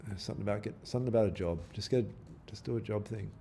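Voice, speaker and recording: A man's voice: lowish voice, rapid-fire, creaky, dark tone, a little hiss or hum. A man hosting a live day-trading stream, chatting casually with viewers, swearing freely and talking back to the market. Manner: casual, swears freely, pleads and jokes with chat. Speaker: day trading livestream host.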